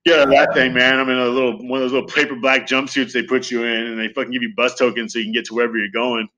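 Man, 30s, rapid-fire candid storyteller, bright, crisp voice, swears freely. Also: medium pitch, rough recording. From Southern California. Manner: fast, profane, animated retelling with acted quotes. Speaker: guest sharing recovery story.

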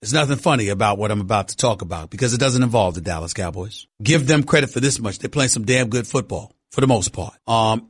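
A man's voice: mid-range voice, fairly bright tone, husky. A man hosting a sports talk radio show, emphatic and repeating points for stress.

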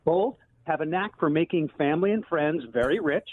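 A man calling in to a talk radio show, delivering a political joke in a deadpan way. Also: on the high side, normal speed, slight background noise. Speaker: caller. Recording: tinny dry phone line.

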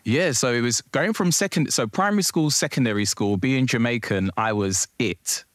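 A man's voice: medium pitch, moderate pace, dry recording, studio quality. A young man, telling stories in a casual interview as guest, laughing easily and using frequent fillers. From South East London. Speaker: guest, cultural commentator.

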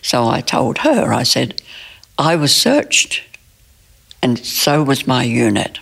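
A woman in her nineties recounting a personal story in an interview, in plain, halting speech with restarts. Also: extremely low pitch, very animated, gravelly, fairly bright tone, husky. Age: 90s. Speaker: interview guest.

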